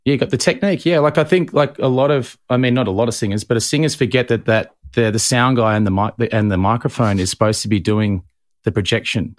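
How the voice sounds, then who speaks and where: Brief: Australian man, middle-pitched voice, loose rambling talker, dry close mic. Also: fast talker, dry recording. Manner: loose, rambling talk full of restarts and laughs. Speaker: guest singer. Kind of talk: casual chat.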